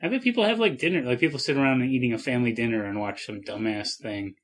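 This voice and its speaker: A man hosting a comedy podcast, trading dry, deadpan jokes in casual chat. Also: medium pitch, quick pace. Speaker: podcast host.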